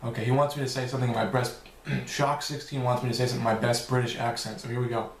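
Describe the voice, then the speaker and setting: A man's voice: mid-range voice, little pitch movement, fast talker, reverberant, a little hiss or hum. A man answering viewer questions in a loose, rambling vlog, swearing now and then. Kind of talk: casual Q&A vlog.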